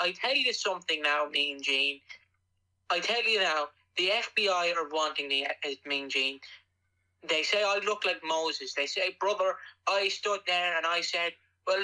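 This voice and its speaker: A man doing a lowered, rambling impression of a boastful wrestling star, full of catchphrases. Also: sharp tone, exaggerated voice, rough recording. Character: parody of a famous male wrestler, boastful, rambling, conspiratorial.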